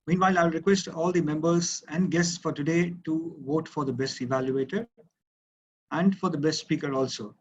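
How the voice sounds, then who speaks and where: Male meeting lead, polite and formal, fairly high voice, dull lo-fi call audio. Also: steady tone, normal speed, breathy edge. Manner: formal, polite, announcing the next speakers. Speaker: general evaluator. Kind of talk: running a club meeting.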